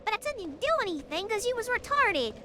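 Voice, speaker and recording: A young woman streamer telling stories to her chat in a casual, animated, blunt and profane way that climbs toward yelling. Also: very high-pitched, fairly quick. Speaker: live streamer. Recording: clear background noise.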